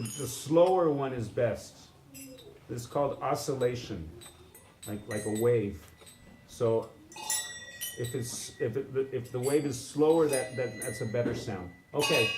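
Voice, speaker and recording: Male music teacher, halting explanations, sings sounds aloud; noisy room. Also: medium pitch. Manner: halting, many restarts, sings syllables to demonstrate. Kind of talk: live instrument lesson. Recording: echoey room with background noise.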